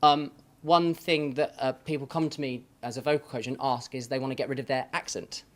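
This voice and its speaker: A man's voice: mid-range voice, steady tone, a little fast, fairly bright tone. A man, a vocal coach, giving effusive, affectionate feedback to a speaker.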